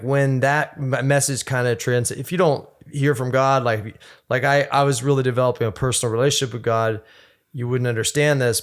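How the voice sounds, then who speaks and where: A man, a podcast guest, telling a long story in a rambling, animated way, full of restarts and fillers. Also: medium pitch. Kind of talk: casual storytelling interview.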